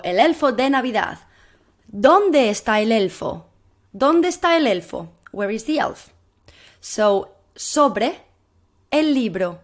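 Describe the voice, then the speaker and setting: A woman teaching a recorded classroom lesson, encouraging her pupils and repeating phrases slowly so they can echo them. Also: medium pitch. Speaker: primary Spanish teacher.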